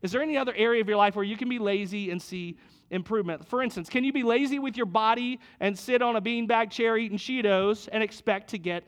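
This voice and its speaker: Homem pregando com voz aguda e coloquial. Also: male voice, sits high. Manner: conversational, repeats key phrases, jokes with listeners. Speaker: pastor. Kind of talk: sermon.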